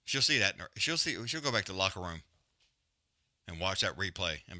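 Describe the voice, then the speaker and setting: Male watch-along host, profane and slangy, very bright tone, lively pitch. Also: fairly quick. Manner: loose, profane, animated breakdown with slang. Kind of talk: casual live fight commentary.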